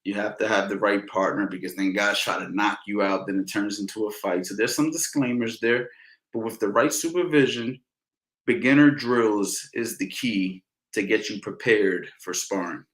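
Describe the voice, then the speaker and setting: A man's voice: lowish voice, normal speed. Laid-back male boxing coach, roomy sound. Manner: relaxed, peppers talk with "you know" and "man". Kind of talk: casual Q&A instruction.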